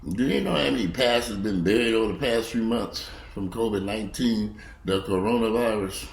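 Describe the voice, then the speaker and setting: A man in a profane, angry rant. He curses bluntly and mocks people, swinging between low grumbling and loud outbursts. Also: normal speed, creaky. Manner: blunt, heavy cursing, mocking. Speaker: video blogger. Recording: echoey room.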